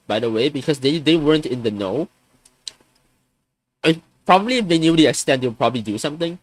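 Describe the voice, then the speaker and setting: Agitated young man venting with lively pitch. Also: no echo. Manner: frustrated, swearing, stammering restarts. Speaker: streamer. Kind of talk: venting on a live stream.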